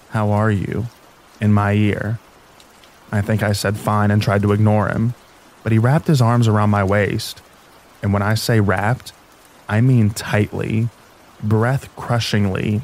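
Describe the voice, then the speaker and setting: A man with a fairly low voice reads a story in a soft, steady narrator's style. Rain falls in the background behind him. His delivery stays calm and even throughout. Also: poor audio. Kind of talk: calm scripted narration of sleep stories. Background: rain sounds.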